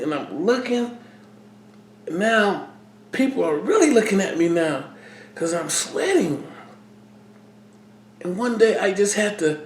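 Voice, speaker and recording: A man with a fairly high voice speaks very slowly, in halting, emotional bursts that repeat words and trail off. The sound rings with a noticeable room echo. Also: darkish tone. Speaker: vlogger. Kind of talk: personal talk to camera.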